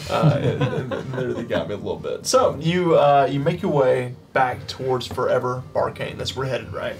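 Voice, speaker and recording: A man as game master, narrating a tabletop game with halting restarts. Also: mid-range voice, lively intonation, gravelly. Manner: halting, restarts while describing. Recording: mic a bit distant, background music.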